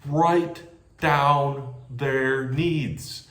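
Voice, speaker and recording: An energetic man coaches a team on sales calls and often checks in with "right?". His pitch swings widely as he talks. The voice rings in an echoey room. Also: normal speed. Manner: energetic, animated, tags lines with "right?". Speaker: sales call trainer. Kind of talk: training talk.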